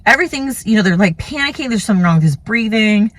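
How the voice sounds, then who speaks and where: A woman's voice: medium pitch, lively intonation, fast talker, dry recording. Chatty woman telling a personal story. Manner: chatty and rambling, heavy use of "like" and "you know". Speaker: vlogger, mother telling a birth story. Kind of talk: casual storytelling.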